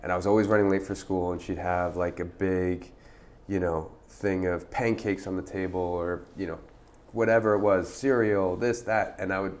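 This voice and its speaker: A man in his thirties, a restaurant founder, telling stories in a relaxed, chatty way full of fillers. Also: low-pitched, normal speed. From United States. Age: 30s. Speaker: restaurant founder, podcast guest. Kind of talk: casual conversational storytelling.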